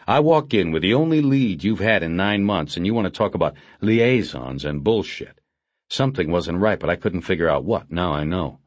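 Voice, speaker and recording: A dogged, sardonic police detective, played by a man with a deep voice. He presses hard in a dry, clipped way. The sound is close and dead-dry. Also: lively intonation, moderate pace, no echo. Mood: pressing.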